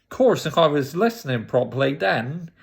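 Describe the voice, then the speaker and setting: A man's voice: a little high, sing-song, normal speed, creaky, breathy edge. A man, a YouTuber casually retelling stories and laughing often as he talks. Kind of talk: casual storytelling recap.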